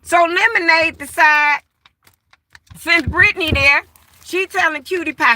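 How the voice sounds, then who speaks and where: Older woman host, high voice, unhurried, cursing freely. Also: no room sound. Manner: animated, blunt and profane, addresses listeners as y'all. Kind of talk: casual storytelling chat.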